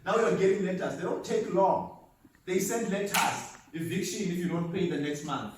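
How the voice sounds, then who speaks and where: A man's voice: sits high, moderate pace, background noise. A man giving an emphatic, storytelling talk at a seminar, recorded from a distance in an echoey hall. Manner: storytelling, emphatic, laughs at himself. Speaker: motivational speaker. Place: seminar venue.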